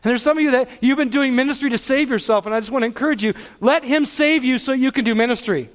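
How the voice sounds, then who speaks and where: A man's voice: very high-pitched, fast talker, big-room sound. A male pastor preaching a sermon with passionate, emphatic delivery.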